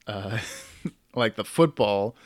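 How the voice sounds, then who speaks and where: A man's voice: on the low side, expressive, slow pace, no room sound, clean studio sound. Laughing man hosting a podcast chat. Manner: laughs often, stumbles over names. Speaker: podcast host.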